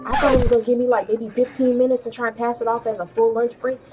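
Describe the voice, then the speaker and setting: A woman streaming video games, reacting loudly and animatedly, with shrieks and running commentary. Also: a little high, flat delivery, quick pace, music in the background. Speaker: gaming streamer.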